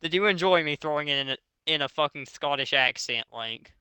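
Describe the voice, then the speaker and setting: A man's voice: fairly high pitch, fairly quick, pushed and bright, smooth, no echo. A man doing a mocking comedic reading of a bad fanfic aloud to friends, swearing often. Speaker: reader of a fanfic.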